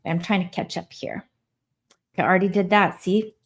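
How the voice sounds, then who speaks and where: A woman's voice: lowish voice, fairly even intonation, moderate pace. A woman in her forties hosting a casual livestream from home, chatting in a heartfelt way and answering viewer comments. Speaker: livestream host. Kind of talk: casual live-stream chat.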